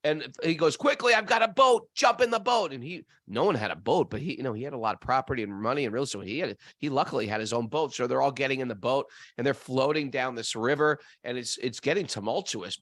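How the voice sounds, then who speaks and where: A man telling a story in casual chat, acting out the characters' voices and swinging his pitch widely. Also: fast, hardly any pauses, no echo. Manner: animated storyteller, acts out voices in high falsetto. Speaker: podcast co-host.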